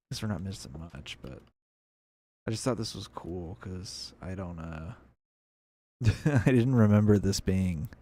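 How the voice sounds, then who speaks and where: A man's voice: sits low, a little mellow. A young man giving casual, rambling commentary on a video game as he plays, thinking aloud. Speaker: gameplay video creator.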